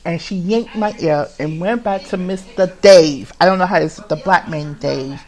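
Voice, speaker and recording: A man hosting his own podcast, telling his story in a confessional monologue, rambling and halting with many restarts, heavy swearing and an agitated, emotional manner. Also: sits high, low-quality recording. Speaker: podcast host.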